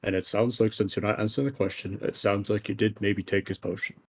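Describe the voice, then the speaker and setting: A man playing a stern male knight who calmly questions two quarreling characters. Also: fairly low pitch, quick pace. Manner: calm, firm, questioning.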